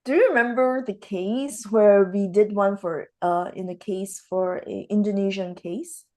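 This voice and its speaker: A woman's voice: mid-range voice, unhurried, warm tone. Woman host retelling stories in casual talk. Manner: acts out dialogue while retelling stories. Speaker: spiritual show host. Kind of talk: casual conversation, storytelling.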